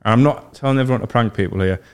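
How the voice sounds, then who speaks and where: A young man hosting a casual podcast, telling animated stories and mimicking voices. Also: medium pitch, very fast, clean tone. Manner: animated storyteller, mimics voices in his anecdotes. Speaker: podcast host. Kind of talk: casual chat, storytelling.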